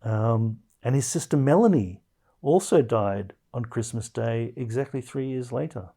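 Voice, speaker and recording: A man's voice: medium pitch, animated, measured pace, mellow. A man hosting a comedy podcast, chatting in a wry, loose way with plenty of fillers. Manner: wry, hesitant with many fillers. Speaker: podcast host. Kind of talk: casual comedic podcast chat.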